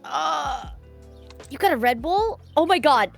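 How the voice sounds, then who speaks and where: A woman streamer with a slightly high voice chats casually on a live stream. She is giggly and animated when she tells stories, and soft music plays faintly behind her. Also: slow pace, vocal fry.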